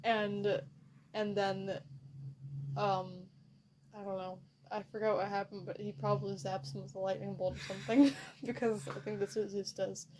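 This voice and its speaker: A woman's voice: medium pitch, little pitch movement, normal speed, noisy background. A woman improvising a silly story for a storytelling game, giggling and losing her place as she goes. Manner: giggly, rambling, loses track and restarts. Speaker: storyteller in a narrative telephone game.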